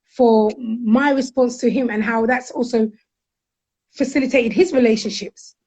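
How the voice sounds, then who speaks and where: Animated high-voiced woman, frank and lively. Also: slightly rough. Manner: animated, frank, quick to act out quotes. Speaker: guest counsellor. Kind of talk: candid conversational storytelling.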